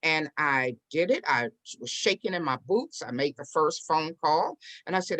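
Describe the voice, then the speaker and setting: Speaking at a normal pace in a low voice, a woman who is a real estate investor and business owner shares a personal story as an interview guest. She animates the tale by performing the voices of the people in it.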